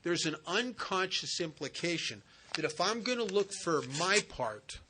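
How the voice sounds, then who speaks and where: A man's voice: high voice, sing-song, measured pace, pushed and bright. A man speaking at a spiritual retreat, telling a recovery story in an earnest way and acting out the dialogue. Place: retreat center hall.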